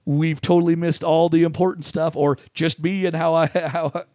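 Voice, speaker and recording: A man's voice: a little high, flat delivery, normal speed, darkish tone, no echo, studio quality. A man hosting a casual podcast chat, laid-back and answering with short okays. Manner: laid-back, lots of short "okay" responses. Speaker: podcast host.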